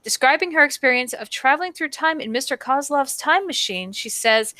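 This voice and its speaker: A woman co-hosting a stream, reading a news article aloud with wry, deadpan asides. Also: on the high side, moderate pace, no room sound.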